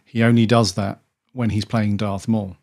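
A man's voice: lowish voice, flat delivery, moderate pace, a little mellow. A man co-hosting a podcast, chatting casually in a rambling way with many restarts. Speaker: podcast co-host. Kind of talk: casual chat.

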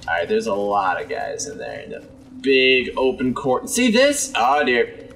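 A young man with a slightly hoarse, sore voice, chatty let's-play commentary, exclaiming and talking back to enemies as he plays. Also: mid-range voice, wildly swooping pitch, a little slow, fairly bright tone, recorded from a distance, a little hiss or hum. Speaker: gameplay commentator.

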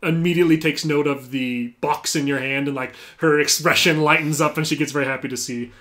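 A man's voice: on the high side, steady tone, brisk, fairly bright tone. A man narrating a tabletop role-playing game as game master, talking casually with lots of fillers.

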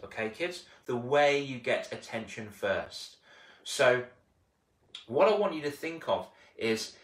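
A man coaching casually on a live stream, animated, acting out little scenes and repeating himself. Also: mid-range voice. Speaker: confidence coach. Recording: roomy, distant mic.

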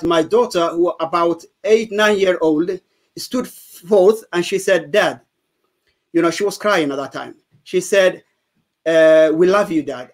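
Man, English, halting testimony, fairly high-pitched voice. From Somalia. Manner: halting, many fillers and restarts. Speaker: guest giving testimony. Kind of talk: personal testimony interview.

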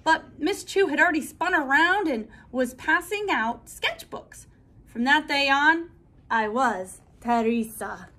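A woman reading a children's storybook aloud with an expressive, careful delivery. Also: sits high, unhurried.

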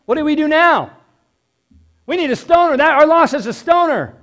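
A man's voice: extremely high pitch, expressive, moderate pace, fairly bright tone, voice pushed up. A man voicing indignant male religious leaders who accuse and demand an answer, as he retells a story in a sermon.

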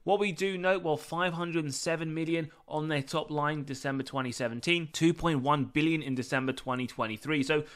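A man with a smooth, resonant voice pitched a bit above the usual, walking through company numbers as a stock analysis host. He speaks in a steady, methodical way with formal phrasing, close to the mic. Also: brisk, hardly any pauses.

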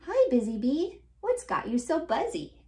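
A woman voicing a kind, gentle female ladybug who speaks softly and encouragingly in a children's storybook. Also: sits high, big pitch swings, measured pace, reverberant, pitched above the performer's own voice, full character voice. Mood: gentle, caring. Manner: soft, caring, encouraging.

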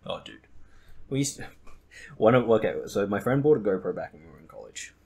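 A man's voice: lowish voice, animated, a little fast, creaky, a little mellow. A young man hosting a podcast in casual chat, rambling and laughing at his own stories. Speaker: podcast host.

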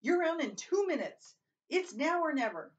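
A woman's voice: mid-range voice, normal speed, distant mic, muffled recording, close to an everyday voice. A stern, short-tempered male drama teacher, put on by a woman reading a storybook aloud, snapping curt, exasperated orders. The voice sits a bit back from the microphone. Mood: urgent.

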